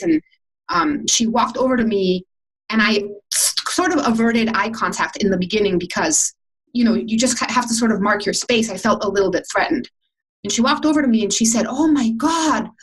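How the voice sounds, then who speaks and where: A woman's voice: fairly high pitch, husky, low-quality recording. A woman guest on a podcast, telling emotional, reflective personal stories in conversation with many restarts.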